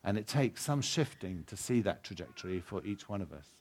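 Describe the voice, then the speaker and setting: A man, a pastor, giving a sermon that includes an earnest, measured reading of a story. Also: low-pitched, sing-song, darkish tone. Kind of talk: sermon with a read-aloud story.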